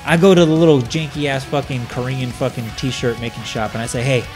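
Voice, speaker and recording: A man co-hosting a casual podcast, swearing often as he tells an animated story over a webcam. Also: medium pitch, a little fast, faint music behind. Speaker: podcast co-host. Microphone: video call webcam.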